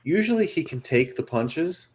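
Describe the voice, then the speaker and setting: A man's voice: fairly high pitch, animated, moderate pace, slightly rough. A man co-hosting a casual chat, telling stories with plenty of swearing and laughter. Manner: storytelling, profane, laughing. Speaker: co-host. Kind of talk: casual food chat on a show.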